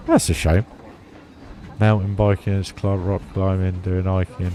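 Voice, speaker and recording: A man's voice: low-pitched, big pitch swings, slow pace, pauses often, mellow, slight background noise. A man chatting casually on a live stream, laughing often and answering chat. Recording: faint music behind.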